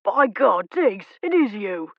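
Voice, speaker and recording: A woman voicing a loud, brash male footman who talks in a booming, boisterous way. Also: very animated, takes it slowly, vocal fry, dry recording, muffled recording, heavily acted.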